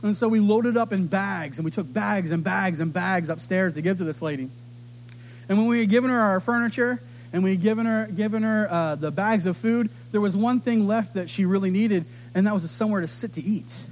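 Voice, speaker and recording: A middle-aged man preaching a sermon, telling stories with animated delivery and acting out the voices of others. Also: sits high, a little fast, slight background noise. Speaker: pastor.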